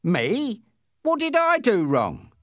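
A jumpy, rat-faced hitchhiker, played by a male reader, his voice pushed up high and loud as he cheers and protests. The delivery swings widely in pitch and sits dry and close to the mic. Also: takes it slowly, no room sound. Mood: defensive. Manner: high, excited cheering and shouting. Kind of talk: audiobook character reading.

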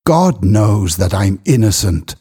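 A man voicing a wronged weaver who pleads his innocence in a strained, high, husky voice. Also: very animated, takes it slowly, mellow, heavily acted. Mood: hurt.

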